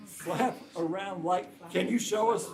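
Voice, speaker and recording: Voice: mid-range voice, a little slow, over a noisy crowd. A host running a live improv show, chatty and coaxing suggestions from the audience. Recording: live room with loud audience.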